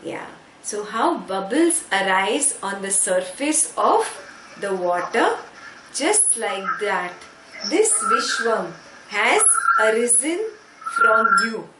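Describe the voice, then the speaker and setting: A woman's voice: mid-range voice, sing-song. A woman teaching a scripture class, patiently explaining Sanskrit words and checking in with listeners. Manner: slow, patient, checks understanding with frequent "yeah?". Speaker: spiritual teacher. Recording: echoey room, faint background noise.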